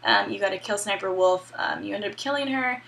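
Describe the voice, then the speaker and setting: A woman's voice: mid-range voice, brisk, creaky, a bit bright. A young woman casually recapping a video game story, chatty and upbeat with some swearing. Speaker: gaming video host.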